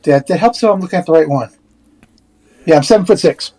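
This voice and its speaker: A man's voice: a little high, expressive, fast, mellow. A man playing a tabletop game, chatting casually and laughing easily. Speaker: player.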